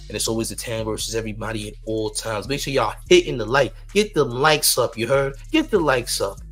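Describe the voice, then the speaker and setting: A man's voice: medium pitch, fairly bright tone. A man hosting celebrity news commentary, mocking and slangy, talking straight to his audience. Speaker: news channel host. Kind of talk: casual commentary.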